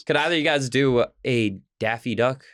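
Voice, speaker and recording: A man's voice: mid-range voice, moderate pace, a bit bright. A man hosting a podcast in casual chat with friends, laughing often. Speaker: podcast host.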